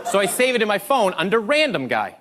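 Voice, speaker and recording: A male stand-up comic tells a story onstage, animated and laughing through his lines as he acts out each exchange. His voice sits high and swings widely in pitch. It is a live recording with a crowd and steady noise behind. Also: brisk. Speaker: stand-up comedian.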